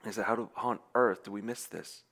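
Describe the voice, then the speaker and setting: A man's voice: on the low side, fast talker, creaky. A man preaching a sermon, telling a spy story and acting out the characters' lines, with frequent restarts. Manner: animated storyteller acting out quoted dialogue, many restarts.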